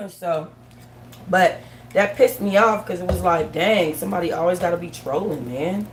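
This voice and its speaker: A woman's voice: fairly low pitch, measured pace, background noise. Heated, profane young woman ranting. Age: young adult. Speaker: host. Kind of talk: casual gossip commentary.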